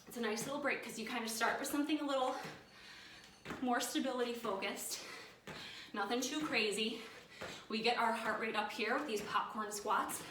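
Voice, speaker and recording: A woman's voice: on the high side, normal speed, noisy background. A woman fitness instructor leading a workout, out of breath, counting down and cueing moves with energy. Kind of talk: workout coaching. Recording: echoey room, mic at a distance.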